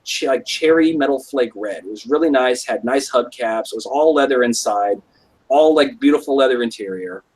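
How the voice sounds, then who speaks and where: This is a low-quality clip of a young man with a medium-pitched, somewhat breathy voice spinning a loose, rambling story for his live stream audience. Swear words and the filler "like" crop up again and again as he chats casually.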